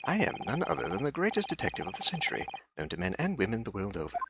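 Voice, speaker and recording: Man doing a grandiose british gentleman sleuth, showy, swooping, pompous. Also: fairly low pitch, wildly swooping pitch, racing, heavy background noise. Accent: put-on British. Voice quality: grandiose, theatrical delivery. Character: pompous, overconfident male gentleman detective. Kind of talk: reading game dialogue aloud. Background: game music.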